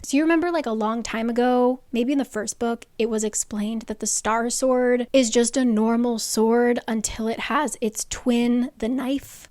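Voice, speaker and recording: A woman's voice: fairly high pitch, fairly even intonation, moderate pace, few pauses, darkish tone, no echo. A young woman with a worn-out voice giving a chatty, sarcastic spoiler recap of a novel, full of "like" asides. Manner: chatty, rambling, lots of "like" asides. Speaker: book summary creator.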